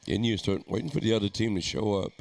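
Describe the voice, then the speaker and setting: A man with a fairly low voice calls a live darts match in a relaxed, chatty way. He laughs easily and keeps the talk flowing between throws. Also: very fast, creaky. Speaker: darts commentator. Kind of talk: live play-by-play commentary.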